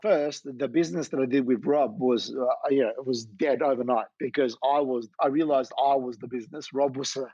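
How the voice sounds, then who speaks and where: A man, a business founder, telling a personal story in an interview with lively delivery and acted-out quotes. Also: medium pitch, fairly quick, few pauses, husky, no echo. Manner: animated, acts out quoted dialogue. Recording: dull lo-fi dry sound.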